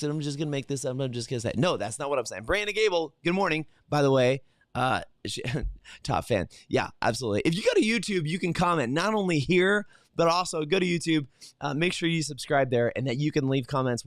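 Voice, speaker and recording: A man hosts an upbeat morning motivational stream, his pitch climbing and dropping all over as he talks straight to viewers. He is energetic and chatty, full of fillers and restarts, and sounds a bit high for a man. The sound is close and dry, with no room around it. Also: no echo. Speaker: host.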